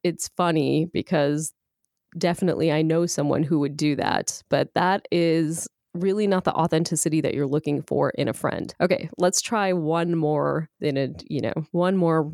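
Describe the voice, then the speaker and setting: A woman's voice: sits low, normal speed, creaky, a little mellow, no echo, studio quality. A woman host who talks expressively and laughs often while demonstrating role-plays in a conversation.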